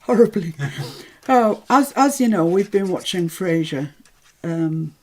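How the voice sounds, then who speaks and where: Host: English woman, slightly low-pitched and breathy, chatty live-craft presenter who narrates her own work and pokes fun at herself. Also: animated, takes it slowly, darkish tone. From England. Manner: chatty, self-deprecating, thinks aloud while working.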